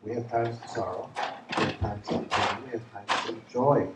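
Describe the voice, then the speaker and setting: A man preaching a lively retreat sermon as a pastor, joking and asking the crowd questions. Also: lowish voice, normal speed, very noisy. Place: church retreat hall. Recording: echoey hall from far off.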